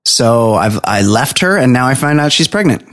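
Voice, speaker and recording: A man's voice: medium pitch, expressive, normal speed, a bit bright. Man, podcast co-host, crude banter, casual jokes. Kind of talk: casual comedic chat.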